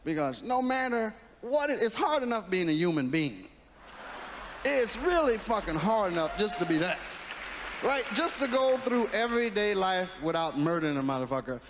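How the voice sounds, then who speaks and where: A man with a high, lively voice delivers blunt, profane stand-up with strong emphasis. A faint crowd and some noise sit under him at the live show. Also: moderate pace, long reverb tail. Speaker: stand-up comedian. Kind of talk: stand-up routine.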